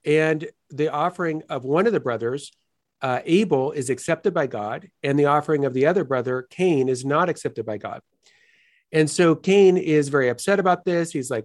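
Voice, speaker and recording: A man with a somewhat high-pitched voice lays out a philosophical argument step by step in an interview. His delivery is earnest and animated, like a teacher who enjoys the material. He keeps pulling the listener along with a quick "right?". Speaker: guest philosopher. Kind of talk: explanatory interview talk.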